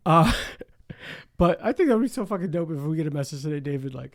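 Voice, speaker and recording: Man, podcast host, casual chat, quick delivery, slightly high voice, swears, laughs often. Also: lively intonation, dry recording, clean studio sound.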